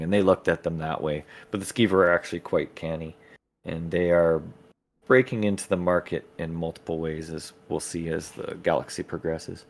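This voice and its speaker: A man's voice: low voice, fairly even intonation, normal speed. A man, the game master of a tabletop campaign, explaining his setting's lore in casual podcast chat.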